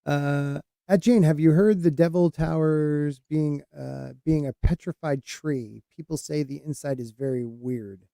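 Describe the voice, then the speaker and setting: Male podcast host, slightly high, mellow tone, rambling and halting delivery. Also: gravelly, no echo, clean studio sound. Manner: rambling, halting with many fillers and restarts. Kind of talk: casual podcast chat.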